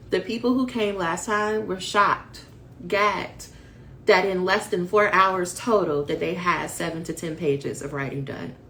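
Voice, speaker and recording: A woman with a fairly low voice delivers an emphatic, preachy pep talk to viewers on a livestream. She is a coach who calls her audience "y'all." Faint background noise sits under her voice on the stream recording. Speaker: dissertation coach hosting a livestream.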